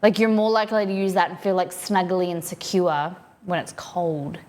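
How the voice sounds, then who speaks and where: Chatty Australian woman, lowish voice. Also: fairly even intonation, moderate pace, a little mellow. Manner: chatty, rambling, reads viewers' messages aloud. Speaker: livestreamer. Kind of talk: casual chat with viewers. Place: home office, at her desk.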